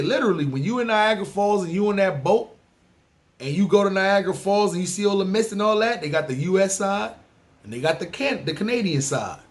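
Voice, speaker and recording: Male podcast host, NYC accent, slightly high voice, loose profane street monologue. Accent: New York City. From New York City. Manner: animated, profane street talk. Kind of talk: casual monologue ranking places.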